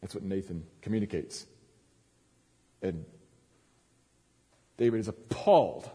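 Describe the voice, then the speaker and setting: A man's voice: low-pitched, a little slow, long pauses, dark tone, husky, long reverb tail. A male pastor preaching a sermon, retelling a story with dramatic emphasis and frequent restarts.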